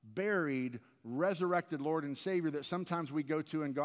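A man's voice: fairly high pitch, moderate pace. A man preaching a sermon as pastor, earnest and conversational, often restarting his phrases. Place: large church sanctuary. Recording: long reverb of a church hall.

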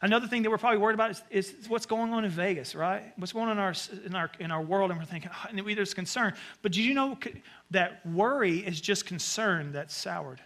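A man with a Southern US accent, preaching a conversational sermon with sudden animated asides. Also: high voice, brisk. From American South. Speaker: pastor.

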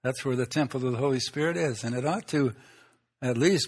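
A man preaching a sermon, teaching in an unhurried way, pausing often and asking the listeners rhetorical questions. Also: mid-range voice.

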